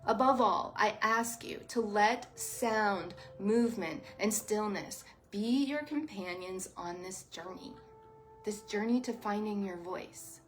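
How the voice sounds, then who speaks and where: A woman who teaches sound healing and yoga, giving a soft, heartfelt livestream talk to her viewers. She sounds close to tears. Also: medium pitch, takes it slowly, soft background music. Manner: soft, emotional, heartfelt, addresses viewers as "you guys". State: near tears.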